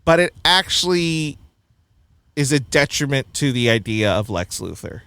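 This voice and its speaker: A man's voice: mid-range voice, sing-song, unhurried, sharp tone, smooth, dry recording. A man hosting a casual film review chat, blunt and opinionated, often laughing at his own points. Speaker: podcast host reviewing a film.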